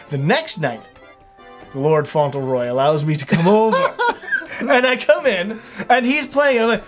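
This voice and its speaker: A man's voice: high voice, lively intonation, measured pace, faint music behind. A man co-hosting a casual chat, telling his side of a story in a teasing, sarcastic way. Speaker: co-host.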